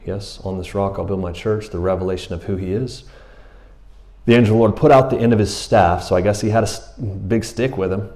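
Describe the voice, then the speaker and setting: A middle-aged man preaching a sermon, telling a story in a casual, animated way with slang and laughs. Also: on the low side, fairly quick. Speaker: pastor.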